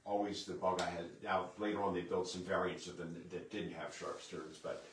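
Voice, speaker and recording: A low-voiced man gives a relaxed history lecture to an audience, walking through slides and asking himself questions he then answers. He sounds some way off the microphone in a roomy hall, with faint background noise. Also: a little fast, far from the mic. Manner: conversational, poses and answers his own questions. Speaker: museum historian giving a lecture. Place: lecture room at a historic site.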